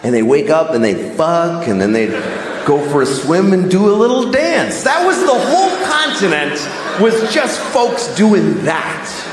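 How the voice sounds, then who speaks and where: A man performing stand-up in a rambling way, shouting his punchlines and acting out both sides of little dialogues. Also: high voice, big pitch swings, measured pace. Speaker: stand-up comedian. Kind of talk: stand-up routine. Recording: big echoing hall with noise.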